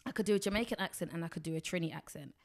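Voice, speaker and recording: A woman's voice: lowish voice, racing. A woman, chatting frankly and bluntly as a podcast guest. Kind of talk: casual chat.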